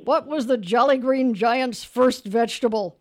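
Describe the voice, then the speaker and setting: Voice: medium pitch, measured pace, darkish tone. A radio talk show host running a call-in trivia quiz, chatty, chuckling and full of fillers. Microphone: studio microphone.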